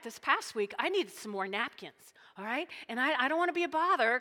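A woman's voice: fairly high pitch, pushed and bright. A woman preaching a sermon in a chatty, joking way, acting out little everyday scenes. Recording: long reverb of a large hall.

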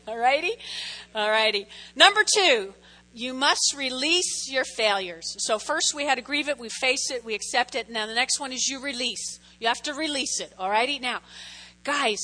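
A woman's voice: sits high, bright, forceful tone. A woman pastor preaching a sermon in a chatty way, often checking in with her listeners. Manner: chatty, keeps checking in with the audience.

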